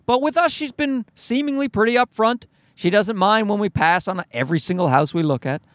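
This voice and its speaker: A man's voice: high voice, brisk, no echo. A man telling a story to his viewers as a profane, exasperated rant. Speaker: vlogger. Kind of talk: ranting storytime.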